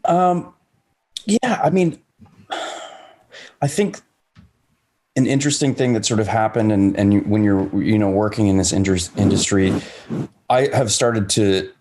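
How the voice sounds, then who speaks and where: A lower-voiced man speaks over a video call during a panel, his thoughts coming in halting, earnest pieces. He sounds choked up and keeps fighting to hold it together. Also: animated, darkish tone. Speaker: actor on a reunion panel. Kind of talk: casual panel chat.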